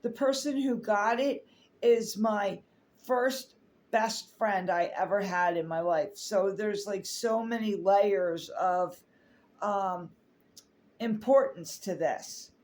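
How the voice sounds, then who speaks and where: A woman telling a personal story on her vlog, holding back tears, halting with many fillers and restarts. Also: mid-range voice, darkish tone. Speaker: artist sharing a personal story.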